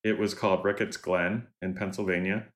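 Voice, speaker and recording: Low-voiced man telling a story. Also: normal speed. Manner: relaxed, hesitant, filler-heavy. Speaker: podcast co-host. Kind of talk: casual storytelling.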